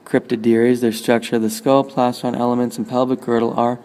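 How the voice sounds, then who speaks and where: A man touring a museum, chatting casually in a quiet, offhand way. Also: mid-range voice, level tone, a little fast. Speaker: travel vlogger. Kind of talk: casual museum walk-through commentary. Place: indoor museum hall.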